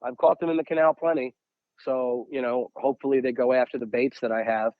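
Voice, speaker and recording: Animated young man telling fishing stories. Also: mid-range voice, a little fast, no room sound, narrow, tinny audio. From United States. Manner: animated, acts out quotes, many repeated "I'm like". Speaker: podcast guest, angler. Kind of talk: casual storytelling.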